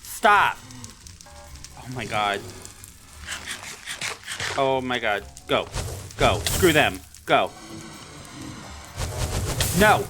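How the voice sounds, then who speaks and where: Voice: medium pitch, big pitch swings, very slow, pauses often, pushed and bright, faint music behind. A Minecraft creator talking through their own gameplay, exasperated, telling the game's mobs off and muttering mild curses at them. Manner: exasperated, talks to the game mobs, swears mildly. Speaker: Minecraft let's-play creator. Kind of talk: live gameplay commentary.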